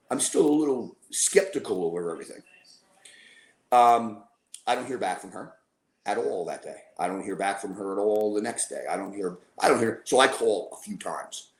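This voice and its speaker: This man's lowish, expressive voice runs at normal speed but with long pauses. A podcast guest, he casually rambles through a long tale, using fillers and acting out people's words. The room sounds roomy and echoey.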